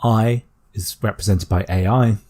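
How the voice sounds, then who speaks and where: A British man explaining a constructed language step by step in a calm, methodical tutorial voice. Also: lowish voice, unhurried. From Britain. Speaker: language teacher.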